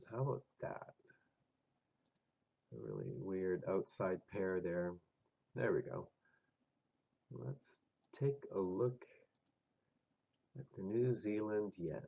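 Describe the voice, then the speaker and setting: Stuffed up guy w a cold, deep gravelly voice, slow umming chart talk, muffled lo-fi audio. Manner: thinking aloud with hesitant fillers. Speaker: forex trading video host. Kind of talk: casual chart walkthrough.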